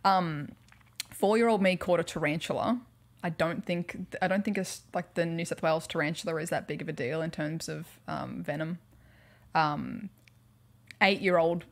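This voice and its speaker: A woman's voice: deep voice, moderate pace, creaky. A young woman with an Australian accent, chatting casually and telling stories during a gaming livestream, laughing often. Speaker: streamer.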